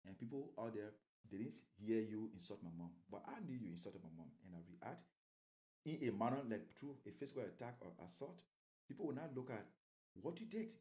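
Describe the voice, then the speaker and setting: A man's voice: on the low side, expressive, fairly quick, warm tone. A man giving political commentary as an interview guest, rambling and repeating words as he grows heated.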